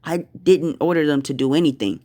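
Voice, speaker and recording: A man voicing a calm male village leader, speaking slowly and measured. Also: on the high side, lightly acted. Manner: slow and measured.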